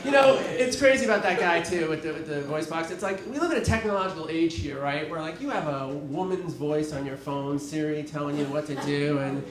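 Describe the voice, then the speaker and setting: A man's voice: a little high, a little fast, few pauses. A man in his thirties doing a rambling, self-deprecating stand-up set on a club stage with a handheld mic. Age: 30s. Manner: rambling, self-deprecating, with filler words and restarts. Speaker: stand-up comedian. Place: comedy club stage before a live audience. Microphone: handheld stage mic with dropouts. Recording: roomy club sound with crowd laughter.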